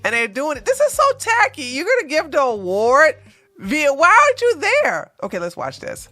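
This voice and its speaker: A woman's voice: sits high, big pitch swings, moderate pace, bright, forceful tone, dry recording, soft background music. A woman hosting a news commentary show, reading stories aloud and breaking off for sarcastic, mocking remarks. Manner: sarcastic, mocking asides between read-out passages; breaks into laughter while reading.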